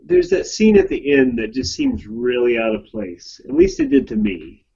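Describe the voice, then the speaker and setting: A man co-hosting a podcast, chatting casually about a film in short, lively remarks. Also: high voice, moderate pace, gravelly, breathy edge, lo-fi sound. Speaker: podcast co-host. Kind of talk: casual film review chat.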